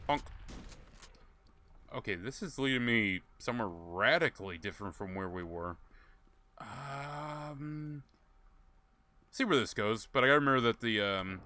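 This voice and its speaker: Speaking in a mid-range voice that's pushed and bright, a man gives casual commentary while streaming a game. He talks to his viewers through rambling, profane anecdotes, laughing as he goes.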